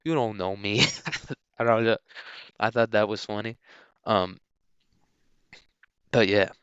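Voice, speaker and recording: A young man hosting a solo podcast, rambling crudely and filling every pause with dude and like. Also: on the low side, a bit bright, smooth, dry recording, highs cut off. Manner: rambling, crude, filler-heavy, keeps saying dude. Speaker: podcast host.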